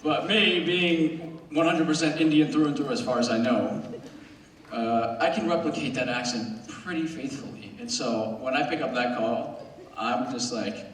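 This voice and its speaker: A man's voice: medium pitch, normal speed, slight background noise. A teenage boy doing a rambling, self-mocking stand-up comedy set at a school show. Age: teens. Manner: casual, rambling, self-mocking, with brief put-on voices. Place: school auditorium stage. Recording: very echoey hall recorded from far off.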